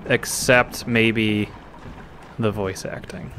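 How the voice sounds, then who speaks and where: A man playing a game on stream, chatting in an animated, playful way. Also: fairly low pitch, drawn-out words, slight background noise. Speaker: player on stream. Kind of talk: casual gaming chat.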